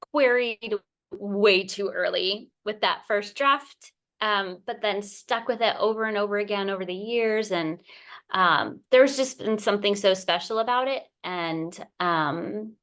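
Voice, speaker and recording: A middle-aged woman author in a casual interview, talking emotionally and effusively, with many pauses and fillers. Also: mid-range voice, fairly bright tone. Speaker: picture book author, guest.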